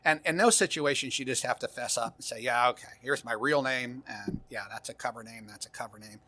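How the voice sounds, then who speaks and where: A man's voice: medium pitch, fairly quick, sharp tone. An older man, a retired intelligence officer, telling long rambling anecdotes in an interview, with frequent restarts. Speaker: guest, former intelligence officer. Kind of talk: casual interview storytelling.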